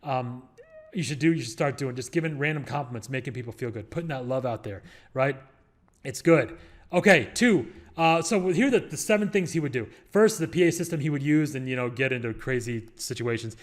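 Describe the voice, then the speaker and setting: A man's voice: medium pitch, expressive, fairly quick. A young man giving casual advice in a rambling, joking way, full of fillers and restarts. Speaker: real estate investor and show host.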